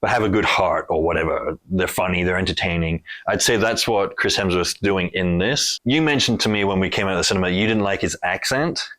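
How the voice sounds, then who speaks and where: A man's voice: deep voice, brisk, hardly any pauses. A man casually chatting about a movie he just saw, swearing freely and retelling scenes with energy. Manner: loose, swearing, animated storytelling. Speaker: film review co-host. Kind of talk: casual chat.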